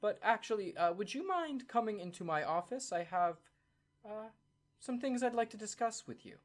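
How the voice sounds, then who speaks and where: An eager, formal woman clerk with a raised, fluttering voice, as a male game master puts her on. She speaks politely and a little flustered. The voice sits well above a man's usual pitch and moves in a lively way. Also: moderate pace.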